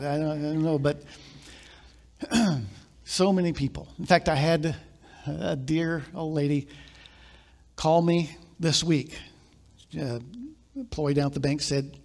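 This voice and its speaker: High-voiced preacher swinging from soft to loud. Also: male voice, normal speed, long pauses. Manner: storytelling, swinging from quiet asides to loud emphatic preaching. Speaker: pastor. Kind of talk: sermon. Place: church, preaching live to a congregation.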